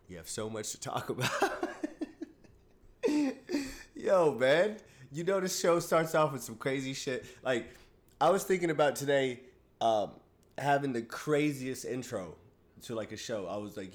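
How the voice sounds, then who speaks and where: A man hosting his own podcast, talking casually, swinging between loud hype and low mumbling, with many fillers. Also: expressive, moderate pace. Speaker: podcast host. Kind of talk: casual solo podcast monologue.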